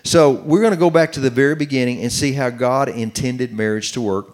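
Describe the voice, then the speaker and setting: A middle-aged man preaching on marriage, reading scripture slowly and commenting as he goes. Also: mid-range voice, a little mellow. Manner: earnest, reads scripture slowly with running commentary. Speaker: pastor teaching on marriage. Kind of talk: sermon-style Bible teaching.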